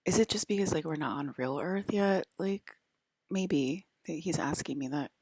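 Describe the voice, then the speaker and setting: A woman's voice: low-pitched, normal speed, darkish tone, slightly rough, dry recording, clean studio sound. A young woman rambling casually to her viewers in a vlog, full of "like" and restarts. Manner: rambling, filler-heavy, lots of "like". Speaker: vlogger.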